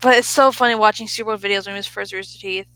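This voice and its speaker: A woman's voice: medium pitch, steady tone, rapid-fire, fairly bright tone, dry recording, low-quality recording. A woman in casual chat who swears freely, laughs often and trails off mid-sentence.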